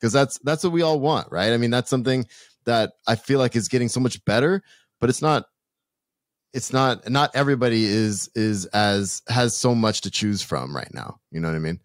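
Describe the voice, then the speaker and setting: A man co-hosting a podcast, talking earnestly in a halting way with many restarts. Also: mid-range voice, no room sound, studio quality. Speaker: podcast co-host. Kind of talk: casual podcast chat.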